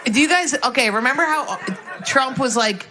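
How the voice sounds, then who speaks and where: A woman doing stand-up comedy and crowd work on a club stage, talking loudly and swinging into incredulous shouts. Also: high-pitched, expressive, moderate pace. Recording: live club recording with crowd noise.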